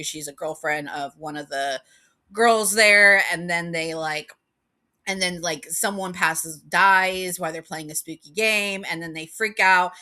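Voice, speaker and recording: A woman's voice: on the low side, sharp tone. A woman vlogging in a casual chat, rambling and giggly, filling her talk with "like". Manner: rambling, giggly, heavy use of "like".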